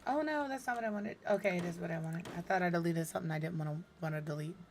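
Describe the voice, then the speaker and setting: A woman streaming a game, hoarse with her voice fading, chatting tiredly and muttering to herself as she builds. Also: fairly low pitch, racing, background noise. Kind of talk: casual gameplay streaming chat.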